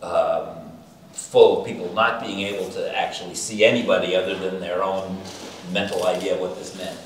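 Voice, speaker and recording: A man from the gallery shares a memory of an old exhibit, stopping and restarting often. He sits far from the mic, so his fairly low voice sounds distant and very echoey, with faint room noise. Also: flat delivery. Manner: halting, with many "um"s and restarts. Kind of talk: recalling a past exhibit. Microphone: far from the microphone.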